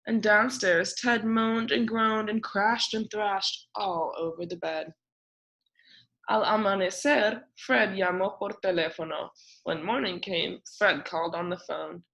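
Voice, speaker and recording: A woman teacher reading a picture book aloud, narrating in a slow, expressive storytelling way. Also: medium pitch, gravelly.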